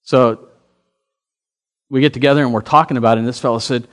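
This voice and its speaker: A man preaching a sermon as pastor, telling a story with lively swings in his voice. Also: medium pitch, fairly quick.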